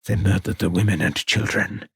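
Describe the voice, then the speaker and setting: A man's voice: low voice, normal speed, gravelly, fairly bright tone, breathy edge, no room sound, studio quality, full character voice. A man reading the part of an aging, reclusive French painter who is guarded and grieving, speaking in a muttering way. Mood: anguished. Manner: muttering, guarded, then anguished.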